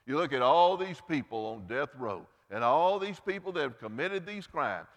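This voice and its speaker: A man's voice: very animated, moderate pace, long reverb tail. A man preaching a Mother's Day sermon as pastor, earnest, lifting and dropping his voice for emphasis, then praying. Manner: earnest preaching, pitch and volume rising and falling for emphasis. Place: church sanctuary.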